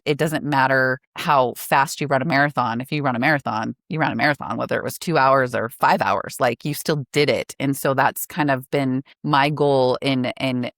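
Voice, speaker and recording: A woman's voice: very deep voice, dry recording, clean studio sound. A woman guest on a podcast, talking earnestly and casually about running, with lots of filler words. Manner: earnest, chatty, filler-heavy. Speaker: podcast guest, running store operating partner. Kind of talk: casual interview conversation.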